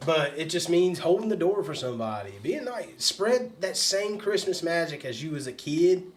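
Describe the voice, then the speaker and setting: A man's voice: fairly high pitch, sing-song, moderate pace. A man co-hosting a podcast, speaking reflectively in a casual chat and laughing often. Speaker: podcast co-host.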